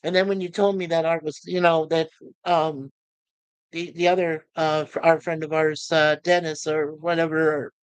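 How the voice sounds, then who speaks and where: A middle-aged man hosting his channel, talking to viewers in a halting, emotional way with many restarts and repeated words. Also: on the high side, little pitch movement, clean tone, no echo, low-quality recording. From United States. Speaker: YouTube channel host. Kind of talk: emotional personal talk to viewers.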